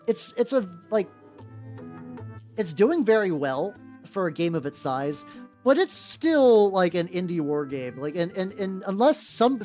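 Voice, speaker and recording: Male streamer chatting with chat, lively up-and-down delivery, loose rambling talk, faint music underneath. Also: sits high. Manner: rambling, halting, many restarts and fillers. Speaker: streamer painting miniatures. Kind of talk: casual livestream chat with viewers. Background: faint background music.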